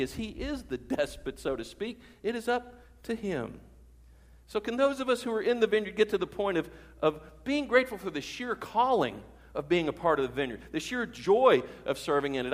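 High-voiced male preacher in a reverberant church. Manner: rhetorical questions to the congregation; emphatic preaching, repeating key words. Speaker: pastor. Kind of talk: sermon. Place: church sanctuary.

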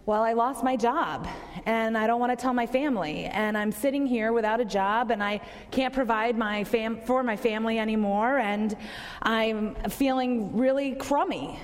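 A woman's voice: fairly high pitch, big-room sound, close to an everyday voice. A woman voicing a glum, self-pitying male executive who lost his job, in a joke.

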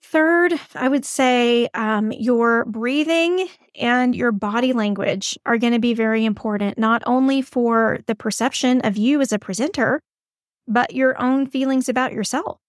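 A woman hosts an advice podcast in a chatty, emphatic, encouraging way. Her voice sits fairly high. The sound is dry and close to the mic. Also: a little slow, no echo. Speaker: podcast host.

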